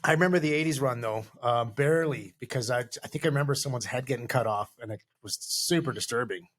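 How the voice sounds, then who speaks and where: A man co-hosting a casual podcast chat, reading facts aloud haltingly with lots of fillers. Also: medium pitch, fairly bright tone. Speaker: podcast co-host.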